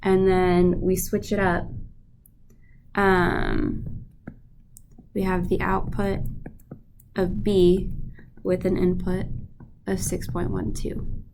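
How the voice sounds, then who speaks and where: Slow, gravelly-voiced woman teaching math. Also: lowish voice, completely flat delivery, a little mellow, a little hiss or hum. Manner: patient, checks in with "right?" and "okay?". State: stuffy nose. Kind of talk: recorded math lesson.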